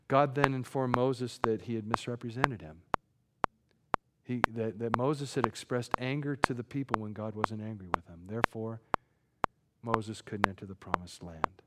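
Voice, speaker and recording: A middle-aged man preaching a sermon, animated, swinging from quiet reading to loud, folksy asides. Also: medium pitch. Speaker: pastor. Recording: loud background noise.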